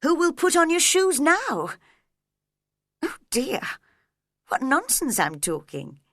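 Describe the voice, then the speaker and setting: A woman voicing a curious young girl in a storybook reading, bright and lightly fretful as she wonders aloud. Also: medium pitch, wildly swooping pitch, slow pace, breathy edge, no room sound, clean studio sound, full character voice. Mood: wondering.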